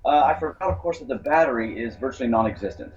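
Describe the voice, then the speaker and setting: A man's voice: mid-range voice, expressive, quick pace. Dry-witted man on a dull line. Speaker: quizmaster guest. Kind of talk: casual livestream chat. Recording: dull lo-fi call audio.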